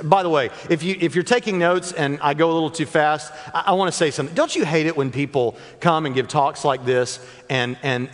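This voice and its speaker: A man giving a talk to a live church audience from the stage, joking with the crowd and speaking directly to them. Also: fairly high pitch. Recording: long reverb of a large hall.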